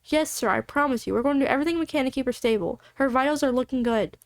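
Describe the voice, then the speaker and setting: A woman voicing a calm paramedic who speaks politely and steadily. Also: high-pitched, fast talker, no room sound, natural voice.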